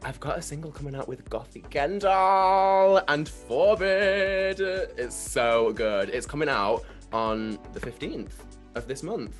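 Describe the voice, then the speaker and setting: A man's voice: a little high, expressive, slow pace, faint music behind. A young man, a drag queen guest chatting in a giggly, playful and theatrical way. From Manchester, England. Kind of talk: casual interview chat.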